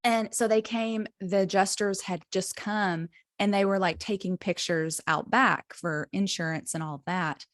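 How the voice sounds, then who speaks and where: A woman in her thirties co-hosts a podcast and tells a lively, swearing-filled story in casual chat. Her pitch sits mid-range and the sound is close and dry. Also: unhurried, hardly any pauses, no echo. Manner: animated storyteller, swears freely. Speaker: podcast co-host.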